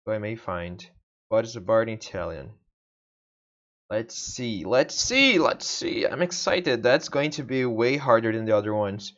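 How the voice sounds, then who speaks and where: Speaking at a moderate pace in a lowish voice, a language learner with Portuguese as his first language mumbles and repeats words over and over as he studies on a self-study vlog. The recording is muffled.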